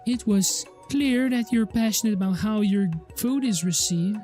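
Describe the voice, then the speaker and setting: A woman voicing a courteous male colonel teacher who speaks in a polite, measured way. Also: mid-range voice, mellow, soft background music, natural voice. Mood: diplomatic.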